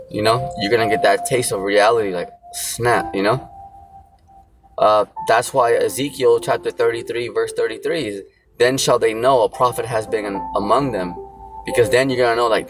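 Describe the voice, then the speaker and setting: A man's voice: lowish voice, fairly even intonation, normal speed. Guy preaching loose and rambly, lots of "you know", music going behind him. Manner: rambling, heavy with fillers, blunt slang. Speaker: street preacher. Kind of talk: casual sermon with scripture reading.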